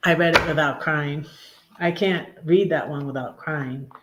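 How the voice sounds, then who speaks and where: A woman hosting a casual live stream, chatting with many ums and restarts and reading her own poems in a soft, tender way. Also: sits low, unhurried, very noisy. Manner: rambling, lots of ums and restarts. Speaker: livestream host reading poetry and devotions.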